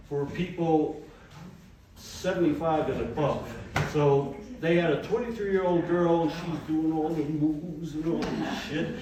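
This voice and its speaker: Doing stand-up in what used to be a yoga studio, a retired firefighter in his later years tells brash, profane stories in a fairly high voice with a dark tone. A distant mic captures the echoey room, the audience, and slight background noise.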